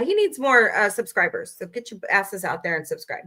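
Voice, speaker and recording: A woman hosting a casual livestream from home, chatty and animated, reacting with quick outbursts. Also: medium pitch, husky. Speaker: livestream host.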